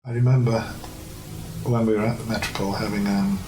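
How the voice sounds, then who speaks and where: A man's voice: lowish voice, little pitch movement, a little fast. A man recounting a funny memory from his hotel work in an oral-history interview, chuckling as he tells it. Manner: amused storytelling, laughing. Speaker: former hotel worker. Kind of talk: archive oral-history anecdote. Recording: echoey room with faint background noise.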